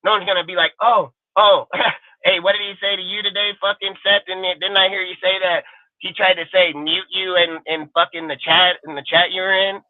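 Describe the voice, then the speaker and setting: A sports talk panel host with a high voice unleashes an angry rant full of profanity, boasting and hurling insults in rapid succession. His tone stays level and brisk, coming through tinny and phone-like with a dry sound and no room sound.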